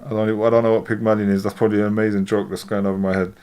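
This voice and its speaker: A man's voice: fairly low pitch, little pitch movement, racing, dark tone, smooth. A man in his forties with a London accent, chatting casually on a live stream and reading out viewer comments. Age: 40s. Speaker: streamer reacting to music.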